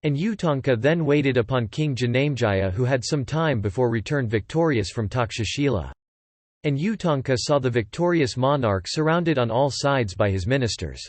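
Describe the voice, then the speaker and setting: A man reading an old epic translation aloud as scripted narration, in an even, measured way. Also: mid-range voice, no echo. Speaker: audiobook reader.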